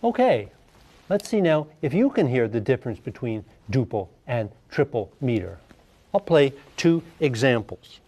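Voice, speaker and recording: A man's voice: medium pitch, normal speed. Man lecturing on rhythm in a hall. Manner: lively, asks questions, hums rhythms. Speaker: music lecturer. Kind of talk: classroom lecture.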